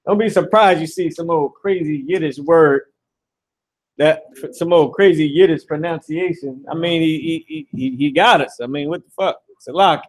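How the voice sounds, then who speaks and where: A man's voice: on the high side, animated, normal speed, poor audio. A man teaching a live class at a board indoors, talking in a loose, slangy, profane way and often repeating himself. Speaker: Hebrew class instructor.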